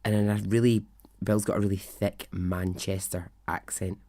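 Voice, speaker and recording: A podcast host tells a story in a rambling, conversational monologue, drifting into self-deprecating asides before returning to track. His somewhat low voice is mellow and flat at a moderate pace.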